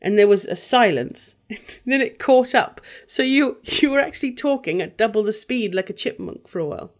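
A woman with a bad cold co-hosting a podcast over a video call, making deadpan quips and laughing often. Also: medium pitch, moderate pace. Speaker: podcast co-host.

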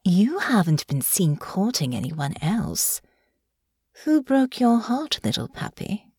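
A woman's voice: medium pitch, big pitch swings, slow, darkish tone, slightly rough, no room sound, studio quality, exaggerated voice. A woman voicing a cold, calculating young noblewoman who speaks in a detached, matter-of-fact way.

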